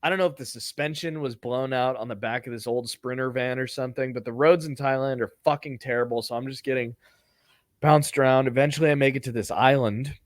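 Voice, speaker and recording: Male podcast host, loose profane storyteller, mid pitch, dry close sound. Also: steady tone, brisk, no echo. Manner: rambling, profane, offhand. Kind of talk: comedic storytelling.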